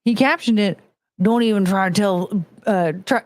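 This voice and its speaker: A woman talks casually into the mic, rambling and joking on her own. The sound is completely dry, with no room around her voice, and her pitch sits in the middle. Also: moderate pace, no echo. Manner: scatting beats, chatty and loose, coos at her dogs. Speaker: podcast host. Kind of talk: casual solo chat.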